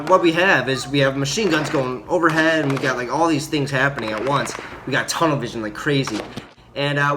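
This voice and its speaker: Young man rambling through a war story. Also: a little high. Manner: rambling, filler-heavy, acts out quotes loudly. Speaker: former Marine telling a story. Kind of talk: casual storytelling vlog. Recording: audible background noise.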